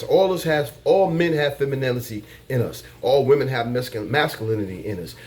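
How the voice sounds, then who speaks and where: Blunt, cussing man lecturing. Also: mid-range voice. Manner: blunt, profane and preachy, repeats his points. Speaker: vlogger giving dating advice. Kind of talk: casual monologue.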